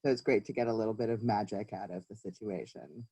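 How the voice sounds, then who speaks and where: A man rabbi speaking as guest speaker on a video call, casual and quick, with many fillers. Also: lowish voice, gravelly, dark tone, breathy edge, rough recording. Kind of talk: sermon over video call.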